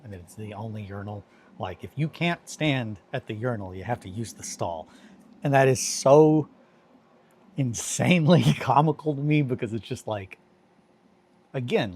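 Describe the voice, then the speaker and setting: A young man chats casually on a stream in a mid-range voice with a breathy edge, spinning rambling stories full of swearing and sudden bursts of excitement.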